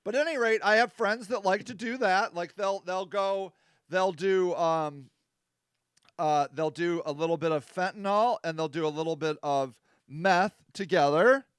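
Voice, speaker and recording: High, smooth-voiced man rambling on. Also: moderate pace, no echo, studio quality. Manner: rambling and self-deprecating, with many fillers. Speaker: host. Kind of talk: casual live-stream talk reading viewer comments.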